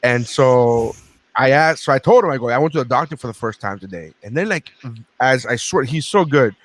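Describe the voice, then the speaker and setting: Thirties male comic, profane and animated, dry close recording. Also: mid-range voice, fairly quick, no echo. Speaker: podcast host and comedian. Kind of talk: casual podcast chat.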